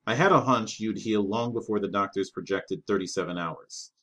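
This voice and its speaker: A man's voice: lowish voice, normal speed, fairly bright tone. A man voicing a polite, formal male robot helper who speaks with earnest precision.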